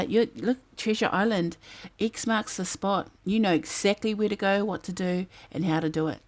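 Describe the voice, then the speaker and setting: A woman from New Zealand reads tarot casually in a medium-pitched voice, at normal speed with few pauses. She is chatty, ponders the cards aloud and breaks into song now and then, while a fan hums behind her.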